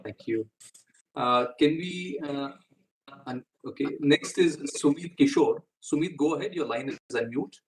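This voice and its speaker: A man's voice: on the high side, measured pace, recorded from a distance, slight background noise, poor audio. A man moderating an earnings call, passing the line to analysts with brief, polite hand-offs.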